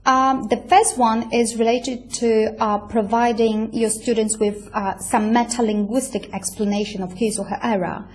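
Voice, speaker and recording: A woman's voice: a little high, fairly even intonation, moderate pace, hardly any pauses. A woman giving a university lecture, explaining step by step with many fillers and checking in with "right?". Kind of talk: recorded lecture.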